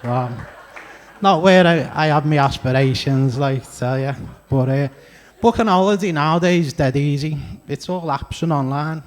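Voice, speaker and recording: A man's voice: on the high side, moderate pace. A man with a Scouse accent doing a stand-up comedy set on a club stage, chatty and self-deprecating, with crude punchlines. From Liverpool area, England.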